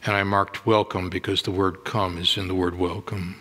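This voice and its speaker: A man preaching a sermon in a church, slow and deliberate, giving dramatic readings of scripture. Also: low-pitched, flat delivery, a bit bright. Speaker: pastor. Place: church sanctuary. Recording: long hall reverb.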